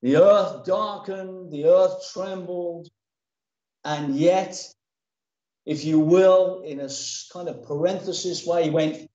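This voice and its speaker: A man's voice: high-pitched, slow, warm tone, roomy sound. Man, pastor, emphatic sermon, dull lo-fi recording. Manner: emphatic, dramatic preaching. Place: church.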